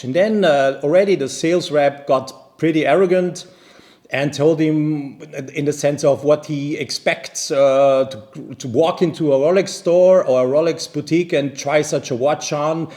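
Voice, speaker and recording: A man tells a story to camera in English. His voice sits a little high, and he grows indignant as he talks. He keeps restarting his sentences while he gets the point across. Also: a little slow. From based in Vienna. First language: not English; speaks non-native English. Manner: animated, indignant, many restarts. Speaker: watch channel host.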